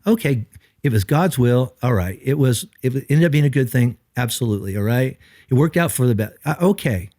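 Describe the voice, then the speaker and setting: A man's voice: medium pitch, brisk, no echo, clean studio sound. A middle-aged man, a pastor, talking earnestly in a podcast conversation and acting out the quoted lines of the people in his stories. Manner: earnest, animated, acts out quoted dialogue.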